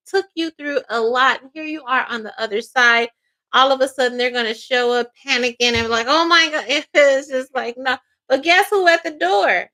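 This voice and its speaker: A woman giving a casual tarot reading, loud, profane and laughing often, slipping into playful quoted voices. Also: high-pitched. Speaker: tarot reader.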